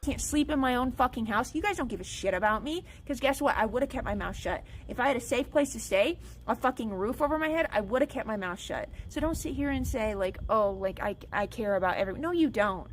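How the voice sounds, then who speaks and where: A woman's voice: sits high, lively intonation, brisk, few pauses, a little hiss or hum, low-quality recording. Furious ranting woman streamer. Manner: furious, swearing, repeating herself. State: upset. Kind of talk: angry livestream rant.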